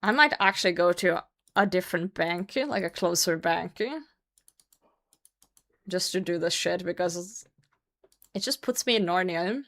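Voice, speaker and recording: A woman's voice: lowish voice, a little slow, long pauses, fairly bright tone. A woman hosting a livestream, chatting casually with viewers while she plays. She rambles, rants freely and swears offhand. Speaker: livestream host.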